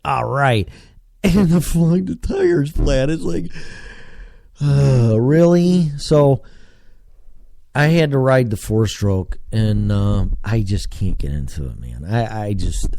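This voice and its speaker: Dark-voiced rambling American man. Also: fairly low pitch. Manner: casual, digressive, lots of fillers. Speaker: podcast host. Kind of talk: rambling solo podcast monologue.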